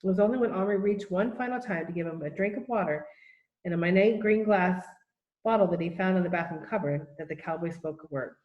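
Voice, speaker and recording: Woman reading a storybook, lowish voice. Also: fairly quick, echoey room, highs cut off. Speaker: audiobook reader. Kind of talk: storybook narration.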